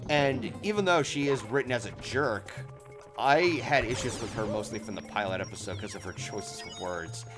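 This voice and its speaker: A man with a fairly low voice rambles through casual gameplay commentary, his pitch swinging up and down as he talks. He swears freely when the game goes badly. Game music plays clearly underneath him. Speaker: streamer playing a video game.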